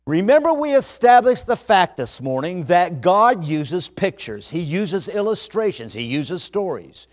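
A man preaching a sermon, emphatic and energetic, dropping his voice low when he prays. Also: unhurried. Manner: energetic, emphatic, hushed in prayer. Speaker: pastor. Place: church auditorium. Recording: long hall reverb.

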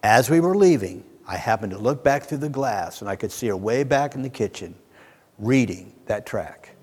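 A man's voice: mid-range voice, animated, moderate pace, darkish tone, slightly rough, long reverb tail. A man preaching a sermon, moving from emphatic declarations to folksy asides to his congregation.

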